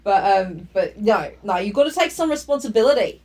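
Giggly woman with a lively voice. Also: medium pitch, fairly quick. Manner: giggly, playful, puts on silly voices. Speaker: podcast co-host. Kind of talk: casual book chat.

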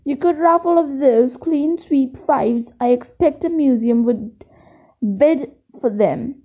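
A woman reading aloud voices a smug, sneering rich schoolboy in a smooth, self-satisfied tone. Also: sits high, slow pace, lo-fi sound.

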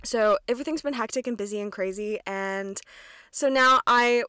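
A twenty-year-old podcast host from rural Kentucky speaks at normal speed in a fairly high, bright, forceful voice that's clear and resonant. The studio audio has no echo, and her casual monologue rambles along with frequent swearing and jokes at her own expense.

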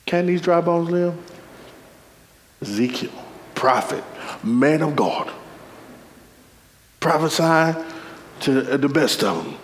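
A man preaching a sermon with a playful, animated delivery, full of laughing asides and calls to the congregation. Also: on the high side, slow pace, pauses often, slight background noise. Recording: echoey hall.

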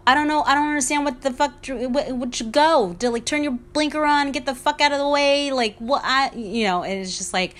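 A woman's voice: fairly low pitch, fairly bright tone, slight background noise. A young woman hosts her own podcast alone, talking in a loose, rambling way. She swears freely and often laughs at her own stories. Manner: rambling, profane, self-mocking, laughs often. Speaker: podcast host. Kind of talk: casual solo podcast chat.

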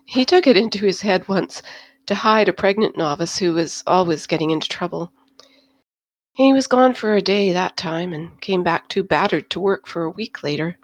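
A woman's voice: lowish voice, animated, moderate pace, no room sound, close to an everyday voice. A woman voicing Eva, a poised female dance-house owner with polite, formal phrasing, plainly worried underneath.

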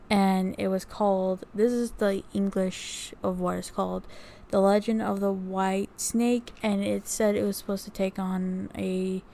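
A woman vlogger chatting casually to her viewers at a slow, easy pace. Her voice sits at an ordinary middle pitch. She rambles, restarts sentences and leans on fillers while relaying what she has read. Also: vocal fry, warm tone. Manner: unhurried, reading notes off research. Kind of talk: casual talk to camera.

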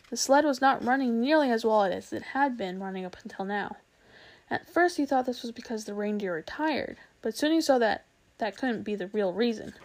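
A woman reading a children's novel aloud, expressive and unhurried, with small slips now and then. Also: on the high side. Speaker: storyteller.

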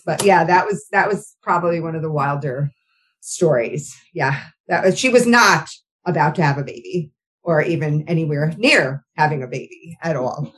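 A woman who used to teach, hosting a casual podcast chat and telling stories with lively acted-out quotes. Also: normal speed, rough recording. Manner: lively storyteller, acts out quotes with pitch jumps. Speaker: podcast host; former teacher.

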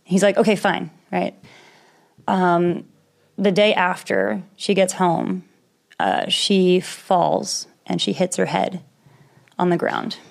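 A woman's voice: on the low side, steady tone, slow pace, vocal fry. A young woman casually telling a personal story in conversation, candid and rambling, with nervous laughs and the odd swear word.

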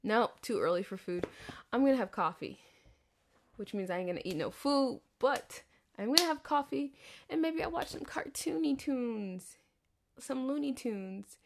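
A podcast host in her thirties rambles candidly through a monologue, swearing freely and laughing often. Her expressive voice is on the high side, at normal speed with vocal fry, over a noisy background.

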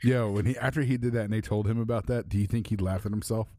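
A man's voice: on the low side, steady tone, fast, over a noisy crowd. A man co-hosting a casual sports podcast, loose and joking, laughing often. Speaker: podcast co-host.

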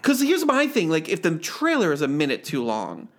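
Chatty man with a slightly high voice. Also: huge pitch swings, normal speed. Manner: chatty, stammering restarts, lots of fillers. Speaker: podcast co-host. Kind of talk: casual movie chat.

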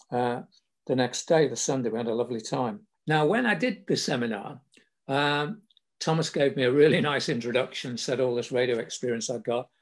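An older man with a southern English accent, telling stories from his working life in a chatty, anecdotal way with small laughs. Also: medium pitch. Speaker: storyteller recalling his career. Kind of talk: casual spoken memoir.

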